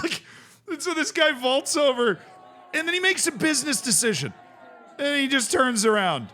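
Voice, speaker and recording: Brief: young male host, casual reaction commentary, bright forceful tone, amused and excitable. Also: extremely high pitch, moderate pace. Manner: excitable, amused, often breaks into laughter.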